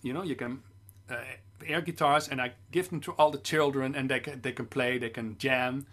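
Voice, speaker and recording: A middle-aged Dutch man, a children's musician, chatting casually in halting English with many fillers and restarts. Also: mid-range voice, steady tone, fairly bright tone. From Netherlands. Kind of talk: casual chat with sung children's songs.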